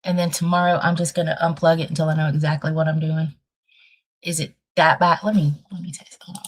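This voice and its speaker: A woman hosting a casual livestream with a dry throat, talking bluntly and thinking out loud as she rambles. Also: low-pitched, level tone, fast. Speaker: livestream host.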